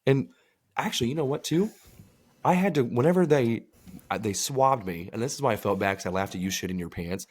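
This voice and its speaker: A man's voice: mid-range voice, lively intonation, brisk, husky. A man co-hosting a podcast, telling rambling, profane stories in casual chat. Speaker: podcast co-host.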